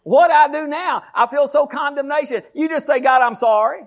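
A middle-aged man preaching a sermon as pastor, animated, folksy and repeating his phrases. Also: very high voice, moderate pace.

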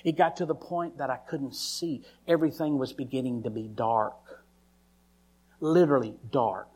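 Man, preacher, testimony sermon, dramatic storytelling, mid pitch. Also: normal speed, a little mellow, breathy edge. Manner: dramatic storytelling, acting out his own cries.

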